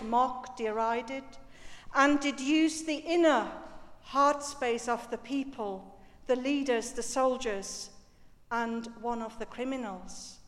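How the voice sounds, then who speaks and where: A woman preaching a sermon in a slow, measured, reflective way, lingering on key words. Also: high voice, a bit bright. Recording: reverberant church hall.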